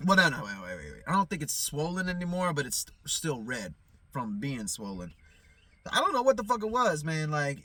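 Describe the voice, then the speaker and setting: A man's voice: a little high, bright, forceful tone, no room sound. A man talking in a loose, profane, rambling vlog monologue, often stammering and restarting. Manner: profane, loose, repeats "you know what I'm saying"; loses his train of thought, stammers restarts. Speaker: vlogger.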